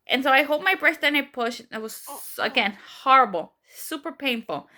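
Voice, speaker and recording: A young woman vlogger with a high voice tells a personal story casually at a normal speed. Her retelling is animated and packed with fillers, and she acts out what other people said.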